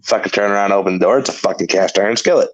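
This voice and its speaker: A man's voice: on the low side, rapid-fire, low-quality recording. A man hosting a talk show, telling a long story in casual, rambling chat full of swearing. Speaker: podcast host.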